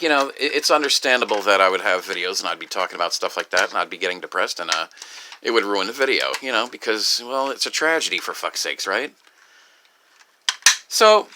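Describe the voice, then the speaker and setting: A grieving, upset man talking in a rambling personal vlog, halting and profane, with many restarts. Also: mid-range voice, pushed and bright, a little hiss or hum. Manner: halting, profane, full of restarts and "you know". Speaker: video creator.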